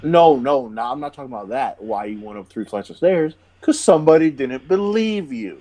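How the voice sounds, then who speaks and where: A man's voice: medium pitch, animated, normal speed, mellow. A man co-hosting a casual sports podcast, cutting in and prodding a friend's story. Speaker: podcast co-host.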